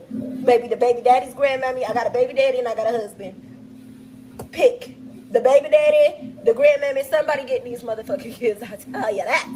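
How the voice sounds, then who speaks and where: Blunt high-voiced woman ranting. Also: a little hiss or hum, low-quality recording. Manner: blunt, profane and emphatic, with repetition. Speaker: live stream host. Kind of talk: ranting commentary.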